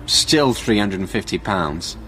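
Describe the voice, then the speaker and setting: A man's voice: lowish voice, expressive, unhurried, pushed and bright, a little hiss or hum, poor audio. A man voicing Martin, a matter-of-fact garage owner selling a motorbike.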